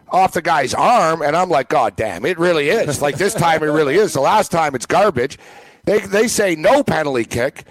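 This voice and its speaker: Ranting sports-talk guy, slightly high voice. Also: no echo, poor audio. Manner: rambling, emphatic ranting with many fillers. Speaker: sports talk show co-host. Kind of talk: casual sports chat.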